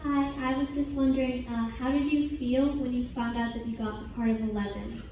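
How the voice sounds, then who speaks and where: A woman's voice: a little high, level tone, a little fast, mellow. A woman fan politely asking a question at a convention panel. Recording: echoey hall from far off, faint noise.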